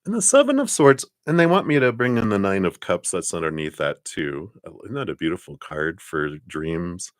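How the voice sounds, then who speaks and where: A man's voice: deep voice, lively intonation, normal speed, few pauses, no room sound, studio quality. A man giving tarot readings on a live stream, rambling with many fillers. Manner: rambling, warm spiritual talk with fillers and laughs. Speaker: tarot reader.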